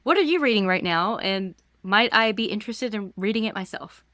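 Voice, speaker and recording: Smooth-voiced woman asking friendly questions. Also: medium pitch, fairly quick, no echo, clean studio sound. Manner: friendly, relaxed questioning with fillers. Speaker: interview host. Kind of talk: casual interview chat.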